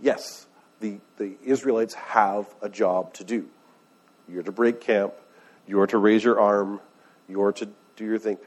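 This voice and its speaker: Husky low-voiced man preaching casually. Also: steady tone, measured pace. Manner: conversational, asks the room questions. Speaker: pastor. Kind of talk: sermon.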